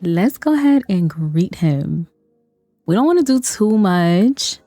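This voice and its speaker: A woman's voice: medium pitch, sing-song, moderate pace, dark tone, dry recording, faint music behind. A woman hosting a life-sim let's play, chatting and laughing with her viewers as she plays. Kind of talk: casual gameplay commentary.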